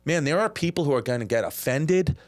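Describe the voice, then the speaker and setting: A man hosting a comedy podcast, telling stories in a rambling, animated way with lots of restarts. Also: fairly high pitch, fairly quick, no room sound. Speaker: podcast host. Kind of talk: casual comedy podcast chat.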